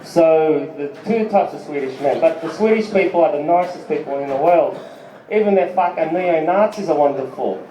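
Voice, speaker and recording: A man's voice: a little high, moderate pace, warm tone, slight background noise. A middle-aged man doing a rambling, profane stand-up set, laughing as he tells his stories. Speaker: stand-up comedian. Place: live music club stage. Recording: echoey dull club recording.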